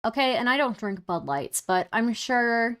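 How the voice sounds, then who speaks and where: A woman's voice: fairly high pitch, lively intonation, measured pace, a bit bright, clean tone. Sarcastic, exasperated young woman streamer. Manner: sarcastic, exasperated, swears freely. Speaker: streamer reacting to clips. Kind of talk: casual reaction commentary.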